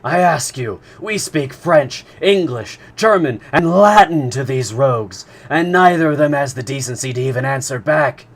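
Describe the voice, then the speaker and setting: A man reading a novel aloud, voicing an angry Canadian harpooner who shouts his indignant protests. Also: medium pitch, lively intonation, normal speed, hardly any pauses, voice pushed up. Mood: outraged. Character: hot-tempered Canadian harpooner, adult man, furious and blunt.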